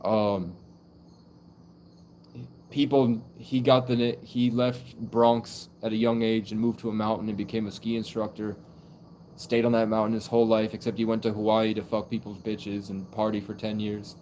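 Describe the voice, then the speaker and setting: A young man rambles through a casual livestream monologue, leaning on "like" as he goes. His voice sits on the low side. Faint crickets and insects chirp in the background. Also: little pitch movement, moderate pace, a little mellow, slight background noise. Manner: rambling, heavy use of "like" fillers. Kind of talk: casual live stream monologue.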